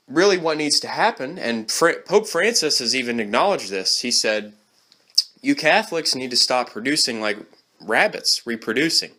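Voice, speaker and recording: Man with a bright, sharp voice. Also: mid-range voice. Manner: blunt, ranting, scornful. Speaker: vlogger. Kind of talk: opinionated solo monologue.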